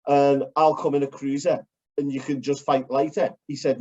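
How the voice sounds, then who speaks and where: A man co-hosting a casual chat, blunt and animated, swearing as he breaks down fight technique. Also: medium pitch, normal speed, husky. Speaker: podcast co-host. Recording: dull lo-fi recording.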